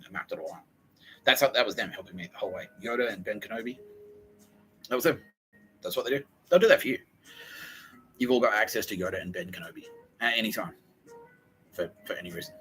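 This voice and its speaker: In a rough recording, a man in his forties with a lowish, sharp-toned voice hosts a solo podcast. His casual monologue rambles along, full of jokes and plenty of swearing.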